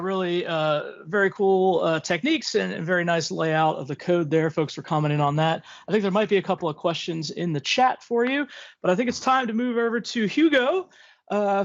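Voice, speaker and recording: A man hosting an online community call, upbeat as he thanks one presenter and hands over to the next. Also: sits high. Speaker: call host. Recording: distant, dull video-call audio.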